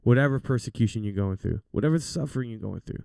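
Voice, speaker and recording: Young man, casual faith podcast host, earnest, encouraging, smooth resonant voice, dry close mic. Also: medium pitch, expressive, fast talker, hardly any pauses, dark tone, no echo. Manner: earnest, chatty, preacher-like encouragement.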